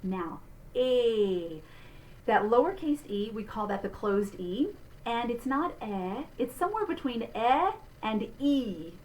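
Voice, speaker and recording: A middle-aged woman, a vocal instructor giving a clear, patient pronunciation lesson with spoken demonstrations. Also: a little high, very animated, takes it slowly, slight background noise, poor audio. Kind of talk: diction lesson.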